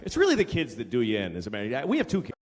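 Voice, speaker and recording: A man's voice: mid-range voice, huge pitch swings, racing. A middle-aged man doing a stand-up routine, telling a profane story in an exasperated way with sudden rants. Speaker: stand-up comedian. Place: live comedy venue with audience. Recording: live stage recording in a big hall with crowd and noise. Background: audience laughter.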